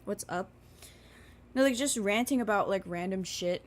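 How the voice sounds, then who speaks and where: This woman, a vlogger in her twenties, speaks at medium pitch and a moderate pace. She rants casually during her makeup routine, rambling and cursing with many fillers.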